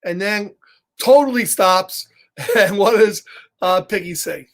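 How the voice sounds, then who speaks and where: A man hosting a children's story time online, reading a picture book aloud with animated, chatty, laughing delivery. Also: high-pitched, takes it slowly.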